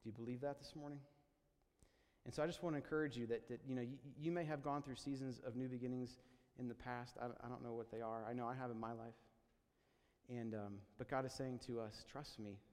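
A man preaching a sermon as pastor, earnest and halting, often restarting his words. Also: medium pitch, steady tone, a little mellow, big-room sound.

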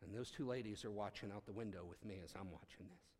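Animated male storyteller in a reverberant hall. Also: lowish voice, fast. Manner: animated, acts out dialogue, frequent restarts. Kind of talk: storytelling talk.

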